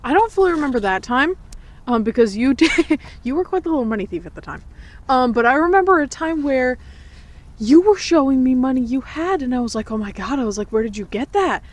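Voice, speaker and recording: A woman's voice: sits high, brisk, slight background noise. A young woman co-hosting a podcast, telling a shared childhood story in casual chat, laughing and mocking herself. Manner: lively, laughing, self-mocking. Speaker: podcast co-host.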